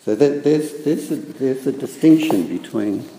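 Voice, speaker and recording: A man giving a reflective spiritual talk in a thoughtful, hesitant way, with many pauses and fillers. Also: medium pitch, animated, dark tone, slight background noise. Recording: echoey hall with long reverb.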